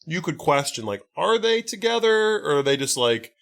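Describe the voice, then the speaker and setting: A man's voice: on the high side, sing-song, moderate pace, vocal fry, fairly bright tone. A man hosting a podcast, casually retelling a film's plot with many restarts and filler words. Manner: rambling recap, many likes and restarts. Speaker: podcast host. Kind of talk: casual movie recap chat.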